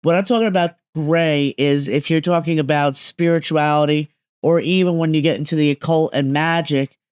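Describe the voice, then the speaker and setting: A woman's voice: deep voice, steady tone, normal speed, darkish tone, smooth, no room sound. A woman speaking as a medium guest on a podcast, explaining emphatically and often checking that listeners follow.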